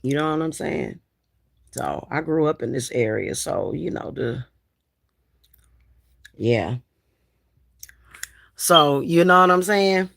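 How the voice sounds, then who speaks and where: Give me a woman psychic, chatting slowly in a slangy, profane way. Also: low voice, animated, creaky, fairly bright tone. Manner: slangy, loose and profane, laughs often. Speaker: spiritual reader and spellworker. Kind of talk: casual livestream chat.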